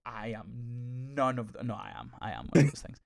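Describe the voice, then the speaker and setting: A man co-hosting a podcast, chatting in a gushing, sweary, animated way. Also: mid-range voice, normal speed, creaky, crowd noise. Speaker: podcast co-host. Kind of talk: casual review chat.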